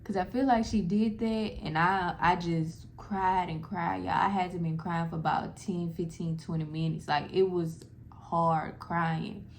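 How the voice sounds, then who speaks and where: A young woman speaks straight to her viewers, telling a personal story in a loose, heartfelt way and calling them "y'all". Her voice sits a little low and carries a gravelly fry. Faint noise runs under the recording. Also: steady tone, measured pace, hardly any pauses. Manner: casual, heartfelt, addresses viewers as "y'all", many "like" fillers. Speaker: vlogger sharing a personal story. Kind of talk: emotional personal storytelling to camera.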